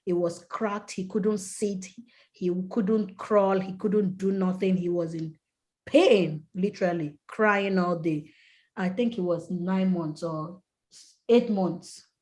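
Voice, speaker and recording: A woman's voice: on the low side, slow, a little mellow. A woman guest on a podcast, telling an earnest, emotional personal story with vivid detail and acting out the people she quotes. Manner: acts out quoted people in a raised voice. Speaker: podcast guest, skincare brand founder.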